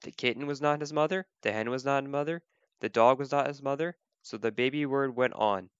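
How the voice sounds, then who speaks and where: A man reading a children's picture book aloud as a volunteer, gentle, slow and clear. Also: mid-range voice, no echo. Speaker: volunteer reader. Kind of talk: children's storybook read-aloud. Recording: dull, lo-fi dry recording.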